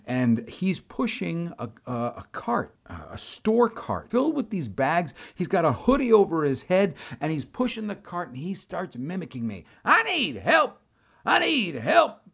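Animated middle-aged male storytelling preacher. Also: mid-range voice, gravelly. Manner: animated, dramatic storyteller, exasperated. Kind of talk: storytelling sermon.

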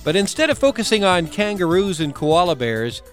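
A male podcast host reads a scripted intro in a high, very lively voice. His pitch swings widely. Faint music plays behind him. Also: moderate pace.

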